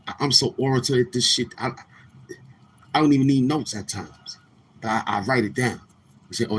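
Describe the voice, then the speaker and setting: A brash man delivers a boastful, trash-talking rant as host of his own online show. His voice is husky and sits at a middling pitch, and he keeps repeating words as he presses his points.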